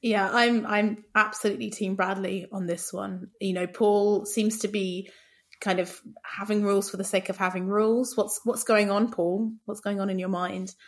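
A woman co-hosting a podcast, chatting about a film in an animated, playfully sarcastic way, often laughing. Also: medium pitch, normal speed. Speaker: podcast co-host. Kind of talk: casual chat about a film.

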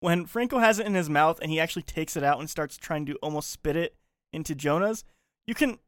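A man's voice: on the high side, a little fast, no echo. Male co-host, wry asides, dead-dry close mic. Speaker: podcast co-host. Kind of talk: casual chat about a movie.

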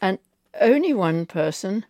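A woman's voice: mid-range voice, sing-song, unhurried, dark tone, no echo, clean studio sound. An older woman from England, a novelist being interviewed, telling rambling anecdotes with fillers. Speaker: novelist guest. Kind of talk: conversational interview.

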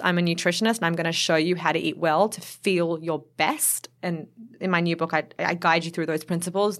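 A woman nutritionist and author, talking as a guest in a casual chat, quick and chatty and laughing often. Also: fairly low pitch, fairly bright tone.

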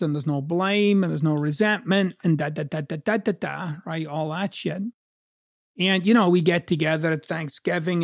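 A man's voice: on the high side, creaky, darkish tone, no room sound, studio quality. A man from Scotland with a Scottish accent, a coach giving a blunt, profane, conversational motivational talk.

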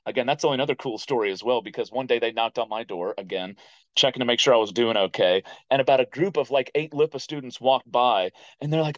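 An American man in his thirties, a podcast guest, telling stories in a casual and animated way. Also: medium pitch, fast talker, no room sound. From United States. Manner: animated storyteller who acts out quoted voices. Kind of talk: casual interview storytelling. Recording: dull, dry podcast audio.

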